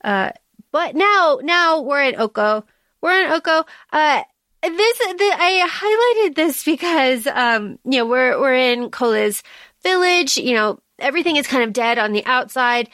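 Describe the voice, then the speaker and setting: Chatty woman, fairly high voice. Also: a little slow, no room sound. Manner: chatty, animated retelling with fillers. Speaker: podcast co-host. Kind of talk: casual book-club podcast chat.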